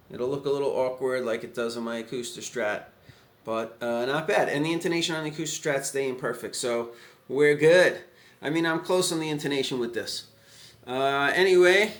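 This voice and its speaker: A man chatting casually in a guitar repair vlog, rambling and folksy, thinking aloud as he goes. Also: mid-range voice.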